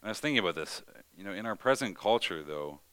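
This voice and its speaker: A man preaching a sermon in an earnest way, building emphasis and slowing down for key points. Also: low voice, lively intonation, a bit bright, clean tone. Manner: earnest preaching with rising emphasis and measured pauses. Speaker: pastor.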